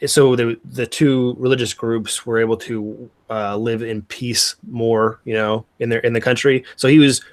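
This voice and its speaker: A man's voice: medium pitch, steady tone, normal speed, hardly any pauses. A man chatting casually on a livestream, rambling through a point with fillers and restarts.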